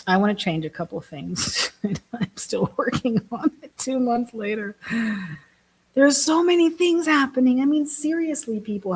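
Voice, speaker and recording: A woman's voice: medium pitch, normal speed, husky, rough recording. A woman from Germany chatting casually to camera, laughing often and making fun of herself. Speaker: vlogger, app builder.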